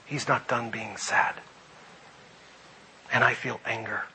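A middle-aged man preaching a sermon, animated, moving between loud emphasis and quiet reflection. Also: medium pitch, slow pace, a little hiss or hum, poor audio. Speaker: pastor.

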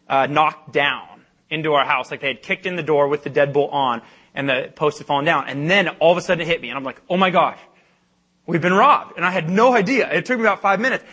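Young male speaker for a campus ministry talk; high, bright voice, self-deprecating, animated, filler-heavy storytelling. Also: husky. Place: church meeting hall.

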